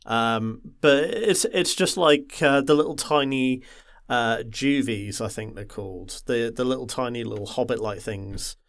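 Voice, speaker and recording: A man from the Wirral in England, chatting casually about a game on a podcast and rambling with lots of pauses and filler sounds. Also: mid-range voice. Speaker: podcast co-host.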